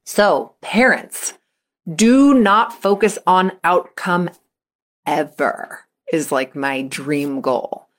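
Chatty woman coach, lowish voice. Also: drawn-out words. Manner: chatty, lots of "like" fillers; acts out quotes with sudden high bursts. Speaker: mental skills coach for young athletes. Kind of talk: casual advice podcast.

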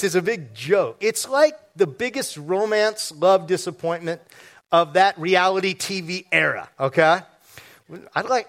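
Male pastor, slightly high voice; lively, joking sermon delivery with audience asides. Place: church sanctuary before a congregation.

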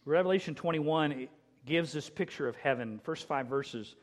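A middle-aged man preaching a sermon, telling a personal story with emotion and dropping to a hushed voice at tender moments. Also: fairly high pitch, moderate pace, in a large hall. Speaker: pastor.

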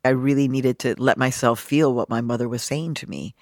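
Animated woman journalist telling a story. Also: a bass voice, brisk, dry recording, studio quality. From Mexico. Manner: animated, expressive, acts out quotes. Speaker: journalist and guest. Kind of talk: personal storytelling in an interview.

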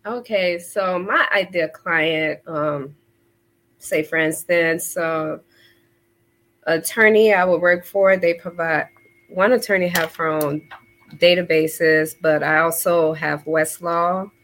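A woman guest with a fairly low voice describes her work. She speaks deliberately and matter-of-factly. Frequent "um" pauses break up her explanations. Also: steady tone, fairly bright tone. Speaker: guest, legal support business owner. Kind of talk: casual interview answers.

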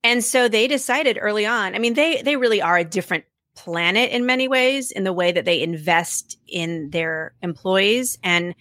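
A woman's voice: mid-range voice, moderate pace, few pauses, a bit bright, dry recording, studio quality. A woman telling stories in a casual interview, enthusiastic, laughing often and acting out quotes. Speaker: podcast creator, guest.

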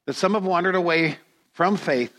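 Slow-preaching pastor, bright voice, reverberant hall. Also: male voice, high-pitched. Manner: slow, deliberate preaching with dramatic storytelling. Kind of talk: sermon.

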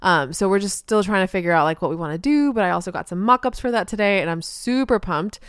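A woman's voice: mid-range voice, animated, quick pace, clean tone, no room sound. A woman hosting a casual solo podcast, chatty and upbeat with many ums, talking in a podcast studio furnished with a couch and rug. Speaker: podcast host, social media marketer.

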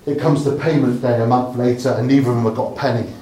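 A man from Dorset preaches a sermon, telling the story in a chatty, joking way. His voice sits at a middle pitch. The recording is roomy and echoey, with faint background noise. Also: steady tone, fast talker. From Dorset, England. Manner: conversational storytelling, humorous asides, softening to a hush at the close. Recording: echoey room.

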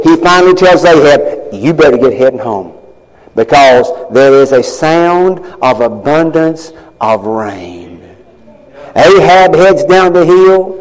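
A man preaching a sermon in a church, swinging from hushed low lines to loud, high-pitched outbursts as he retells a story. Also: big-room sound, rough recording. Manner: dramatic swings from hushed to shouting. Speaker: pastor.

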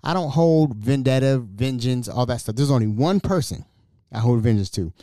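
A man hosting his own podcast, telling a story in a blunt, slangy, animated way. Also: mid-range voice, normal speed, no echo, studio quality. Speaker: podcast host. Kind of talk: solo podcast monologue.

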